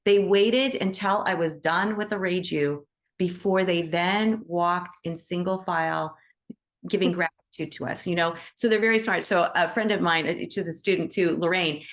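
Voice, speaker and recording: A woman with a somewhat low, calm voice speaks over a video call. She leads an animal Reiki session and tells stories with gentle enthusiasm, often adding "you know" and "right?". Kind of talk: casual teaching chat on a video call.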